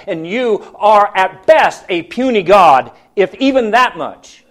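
A man delivers a sermon in a notably high-pitched voice. He asks his listeners question after question, pressing his points loudly, then drops to a hushed, quiet tone. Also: expressive, takes it slowly. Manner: preaching with rhetorical questions to the congregation; swings between loud emphatic lines and hushed quiet ones. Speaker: pastor.

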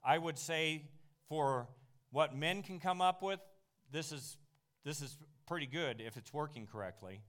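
A man teaching a Bible class in an animated sermon style, slowing down on key phrases and making asides to the room. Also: fairly high pitch.

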